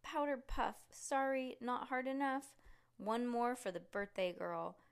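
Woman doing a loud hyped bowling pin announcer. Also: on the high side, steady tone, measured pace, clean tone, voice pushed up. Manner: shouty hyped announcer patter. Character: loud upbeat man in a bowling pin costume. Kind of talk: reading a picture book aloud.

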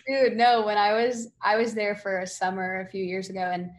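A young woman from the Boston area, a singer-songwriter, talking casually in an interview with many fillers and lively quoted asides. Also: medium pitch, normal speed. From Massachusetts, near Boston. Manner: chatty, many fillers, animated quoting.

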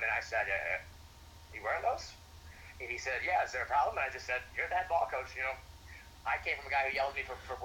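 Young guy w a really bright voice rambling thru old football coaching stories, faint hiss behind. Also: mid-range voice, low-quality recording. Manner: rambling, many restarts and fillers. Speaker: former college football coach and film assistant. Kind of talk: casual interview storytelling.

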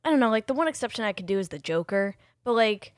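A woman's voice: mid-range voice, expressive, fast talker, no room sound, studio quality. A woman co-hosting a casual film chat, blunt and opinionated with playful exaggeration.

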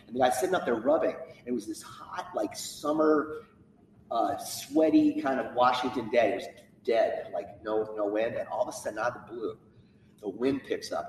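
Brief: male teacher, quick animated storyteller, distant mic in a reverberant hall. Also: mid-range voice. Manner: animated storyteller, acts out quotes. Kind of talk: telling a personal story to an audience. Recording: echoey hall, distant mic, faint noise.

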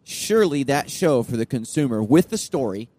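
A man in casual podcast chat, telling animated tour stories and acting out fans' lines. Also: mid-range voice, normal speed, a little hiss or hum. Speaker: podcast guest, touring musician.

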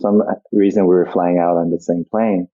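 A man's voice: deep voice, steady tone, moderate pace, dark tone. A middle-aged man, a guest actor, reminiscing in a casual interview, rambling and reflective with many restarts. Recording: tinny phone-like line.

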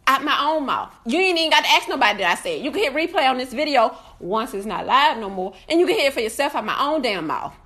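A food reviewer on a live video goes off in a casual ranting review, her high, lively voice loud and profane. She talks fast with few pauses, animated and often shouting, laughing her way through the complaints.

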